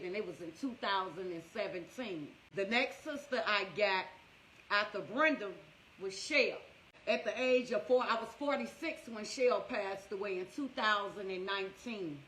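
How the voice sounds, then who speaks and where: A lady in her 50s, a motivational ministry speaker, tells her personal story on a livestream, animated and laughing through emotional memories. Her voice is high, with roomy echo and slight background noise.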